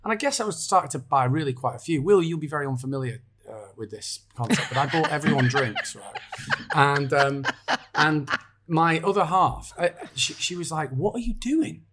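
A man in casual chat, an animated storyteller who acts out quoted voices. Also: on the high side, moderate pace, slight background noise.

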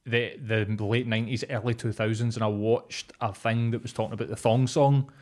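A man's voice: medium pitch, fairly even intonation, fairly quick, a little mellow. A Scottish man co-hosting a comedy podcast, talking in a rambling, offhand, sweary way. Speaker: podcast co-host. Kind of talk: casual comedy podcast chat.

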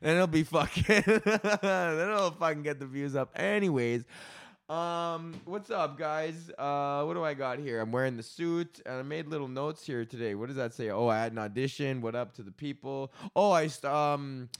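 A young man from Canada hosts a comedy podcast with a rambling, off-the-cuff rant full of swearing and jokes. His voice sits a little high for a man. He keeps the talk loose and casual. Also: moderate pace, clean tone. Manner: rambling, profane, loose and jokey. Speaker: podcast host.

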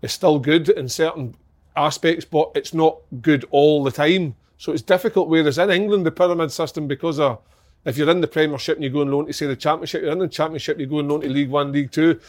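A man's voice: on the high side, quick pace, no room sound. A Scottish man chatting earnestly about football, often repeating himself. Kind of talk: casual chat.

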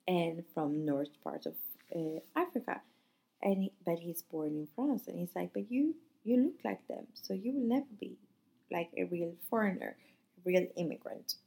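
A woman from northern Europe talks through a personal story on her podcast, earnest and heartfelt. Her voice is low-toned and mellow, with a gravelly fry and a husky edge. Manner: earnest, heartfelt retelling with acted-out quotes. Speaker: podcast host. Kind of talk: casual storytelling monologue.

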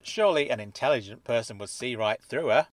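A man narrates a first-person audio story, earnest and measured. He sits close to a studio mic with a mid-range voice and dry, dead sound with no room echo. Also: mid-range voice, animated.

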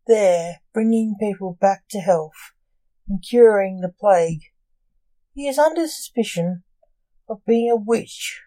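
Woman reading a story for her podcast, slow and soft, low mellow voice. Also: rough recording. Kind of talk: scripted story narration.

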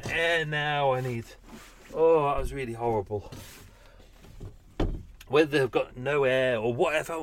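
A man's voice: medium pitch, slight background noise. A British man hosting a podcast, rambling and grumbling in casual unedited chat from his home, shaken and a little breathless. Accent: British English. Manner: rambling, grumbling, self-interrupting. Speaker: podcast host. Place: home room.

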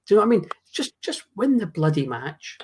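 A man, co-hosting a football podcast, emphatic and swearing in fast bursts. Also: high-pitched, sing-song, a little mellow, husky. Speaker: podcast co-host. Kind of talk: casual football chat.

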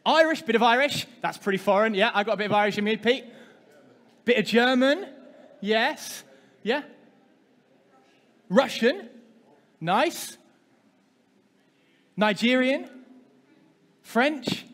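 A man gives a sermon from the front of a church, quizzing the congregation as he goes. His voice sits high for a man. The sound rings out with a long reverb from a large hall. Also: animated, slow, long pauses, fairly bright tone. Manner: interactive, asks the congregation questions. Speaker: pastor.

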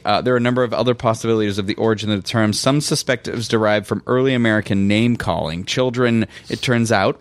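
A man co-hosting a podcast, reading bits of web text aloud and adding wry, quick jokes, laughing a lot. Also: mid-range voice, no echo. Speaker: podcast co-host.

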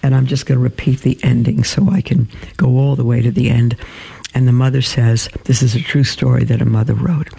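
A man's voice: medium pitch, fairly even intonation, a little fast, gravelly, warm tone, breathy edge. A middle-aged man hosting a live religious call-in radio show, talking earnestly with hesitant fillers and reading a story aloud.

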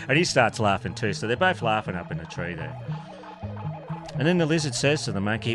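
A man's voice: medium pitch, big pitch swings, a little fast, over music. A man from Australia co-hosting a podcast over a video call, telling a joke in a rambling, stumbling way. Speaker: podcast co-host. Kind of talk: casual chat and joke telling.

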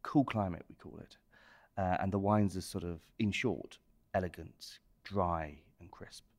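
A man explaining wine in a relaxed, descriptive way during a casual podcast chat. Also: deep voice, a little slow. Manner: expansive, descriptive about wine. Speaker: wine expert guest.

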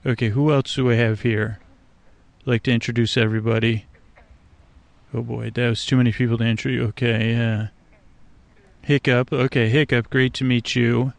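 A man rambles softly and whimsically, as if talking to the frogs at a night-time swamp. His voice has a gravelly edge, and he drifts through hesitations and restarts. The sound is dry and close, with no roominess. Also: mid-range voice, flat delivery, moderate pace, long pauses, dry recording. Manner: meandering, hesitant, many fillers and restarts, whimsical. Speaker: sleep podcast host. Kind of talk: rambling, drowsy monologue outdoors at night.

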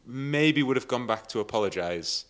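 A man chatting casually as co-host, relaxed, mostly giving short agreeing replies and dry remarks. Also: mid-range voice, moderate pace. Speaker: cyclist co-host. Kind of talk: casual chat.

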